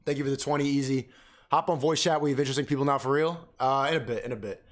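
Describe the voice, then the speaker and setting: A young man ranting excitedly and profanely while reacting to clips on a live stream. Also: medium pitch, racing.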